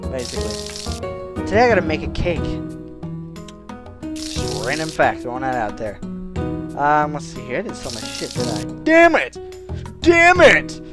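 A young man chatting over his gameplay in a loud, excitable voice that jumps into sudden yells. His pitch sits in an ordinary middle range. Faint game music plays behind him. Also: moderate pace, pauses often. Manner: loud, excitable, bursts into yelling. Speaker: let's play commentator. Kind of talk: casual gameplay commentary.

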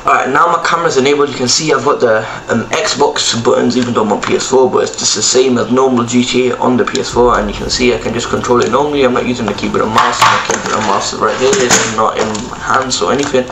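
A man's voice: medium pitch, steady tone, fast talker, hardly any pauses, over a noisy crowd. A young man casually talking through a game tutorial and playing on camera, chatty and slangy. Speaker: gaming YouTuber. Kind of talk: tutorial and gameplay commentary. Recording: echoey room with background noise.

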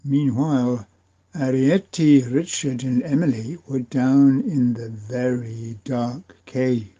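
An older grandfather reads a children's story aloud, very slow and deliberate. His voice is husky and very dark and mellow, and he sounds gentle and unhurried. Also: medium pitch, steady tone, lo-fi sound. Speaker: grandfather reading a family story.

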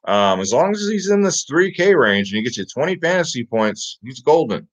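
A man's voice: mid-range voice, sing-song, moderate pace. A man hosting a fantasy sports picks show, talking casually and with energy, often repeating "guys" and "get him in there". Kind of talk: casual hyped picks rundown. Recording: slightly dull lo-fi audio.

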